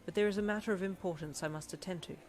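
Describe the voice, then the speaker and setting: A woman voicing an earnest, polite young man who speaks softly and formally. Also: fairly low pitch, very fast, soft background music, natural voice.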